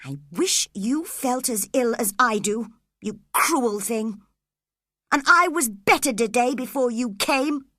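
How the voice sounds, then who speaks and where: A woman's voice: high-pitched, very animated, slow pace, fairly bright tone, no echo, clean studio sound, voice pushed up, heavily acted. A woman doing a sickly, whining teenage boy. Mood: peevish. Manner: whining, complaining. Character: sickly peevish teenage boy, self-pitying.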